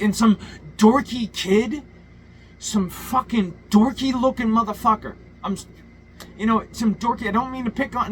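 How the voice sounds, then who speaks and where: Angry man, high and animated, ranting with restarts, slight room noise. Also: rough recording. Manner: profane, heated, stumbling restarts. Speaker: political commentator. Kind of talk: ranting monologue.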